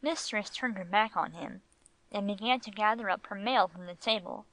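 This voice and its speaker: A woman reading an audiobook in an even, measured narration. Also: medium pitch, dry recording, rough recording.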